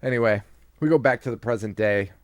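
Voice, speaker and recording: A man's voice: on the low side, fast talker, no echo. A man co-hosting a horror podcast, recapping a movie in casual chat, joking, laughing often and acting out lines. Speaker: podcast co-host.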